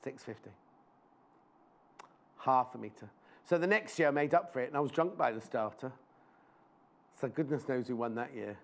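A man's voice: medium pitch, moderate pace, long pauses. A man presenting a live shopping show in a TV studio, chatting in rambling anecdotes and speaking fondly to viewers.

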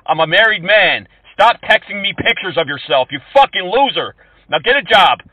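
Brief: man in prank-call mode, taunting and crude, a bit higher than most men, dry tinny phone sound. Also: expressive, normal speed, no room sound. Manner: mocking, insulting, swings between fake-polite and yelling. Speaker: scam-baiting prank caller.

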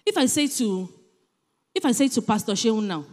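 Nigerian woman speaking at church, high voice, animated and emphatic, long hall echo. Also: normal speed. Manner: animated, emphatic, shifts between loud and soft. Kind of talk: church talk on parenting.

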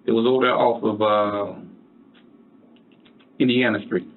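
A man's voice: on the low side, fairly even intonation, unhurried, narrow, tinny audio. A man questioning a suspect in a police interrogation, pressing him with repeated questions. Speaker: police detective.

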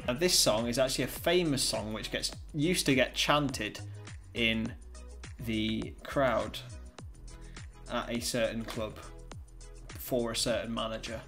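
A man's voice: medium pitch, steady tone, slow pace, fairly bright tone, soft background music. A man hosting a casual quiz, upbeat, addressing viewers and plugging the channel. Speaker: host.

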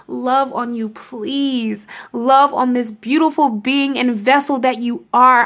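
Young female self-love vlogger, high voice, affectionate and chatty, talking to camera. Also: fairly bright tone. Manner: affectionate, calls viewers honey and love muffin, laughs often. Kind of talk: casual motivational talk to camera.

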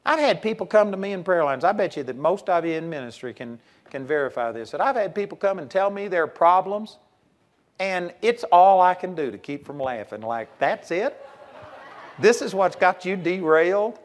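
A man preaching a sermon in a folksy, animated way, swinging between loud punches and quiet asides. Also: sits high, a little fast.

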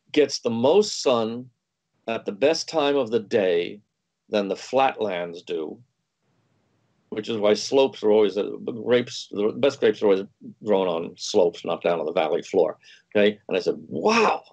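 A man, a food and wine writer, telling anecdotes in a relaxed interview and acting out quoted dialogue. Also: fairly low pitch, a little slow, gravelly, lo-fi sound. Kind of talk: anecdotal storytelling in conversation.

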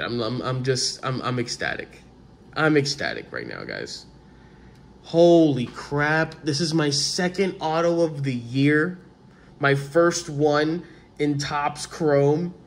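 A man hosting his own vlog, opening sports card packs in casual, excited chat, often stammering and repeating words. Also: mid-range voice, vocal fry.

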